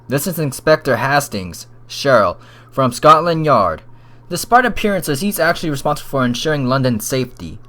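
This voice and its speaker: A man's voice: fairly high pitch, sing-song, moderate pace, a bit bright. A man playing a mystery game, reading the characters' lines aloud in his plain voice and adding asides. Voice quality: plain reading voice, no put-on accents. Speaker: let's play gamer.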